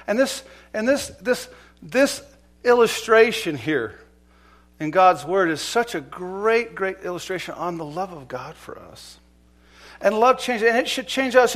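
A middle-aged male pastor preaching a sermon, moving between urgent exhortation and quiet storytelling. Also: fairly high pitch, animated, normal speed. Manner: dynamic preaching, swinging from loud urgent exhortation to hushed storytelling.

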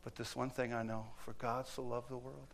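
Preacher playing a little girl, soft and quick, reciting her verse calmly, in church. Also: on the high side, lightly acted. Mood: steady. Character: calm eight-year-old girl reciting a verse.

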